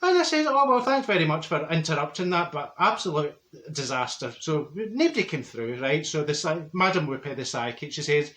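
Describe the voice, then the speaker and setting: A man's voice: on the high side, sing-song, fairly quick, a bit bright. A man playing a brash, chatty woman from Glasgow with a Glaswegian accent, telling a comic story with lots of stumbles and repeated words. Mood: gossipy. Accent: Glaswegian Scottish. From Glasgow, Scotland. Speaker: comedy character. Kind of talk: comic monologue. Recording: roomy echo.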